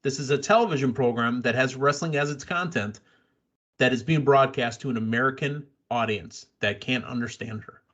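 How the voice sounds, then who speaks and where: A man's voice: mid-range voice, moderate pace, fairly bright tone. A man hosting a casual wrestling podcast, blunt and opinionated, rambling through his takes. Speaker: podcast host.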